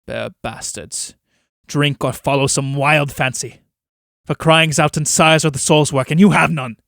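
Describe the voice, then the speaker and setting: A proud, mocking merchant of souls, as a man reads him. He is scornful and unhurried, and his voice sits rather high in a dry, close recording. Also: steady tone, vocal fry, a bit bright, no echo.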